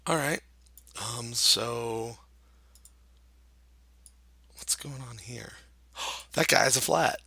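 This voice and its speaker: A man talks his way through a guessing game in a slow, unhurried drawl, stopping often to muse and poke fun at himself. His voice is gravelly and a little husky, with a bright edge. The sound is dry and close, like a desk mic. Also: medium pitch, no echo. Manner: musing, self-deprecating, thinks aloud with frequent hesitations. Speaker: gameplay commentator. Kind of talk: casual let's-play commentary.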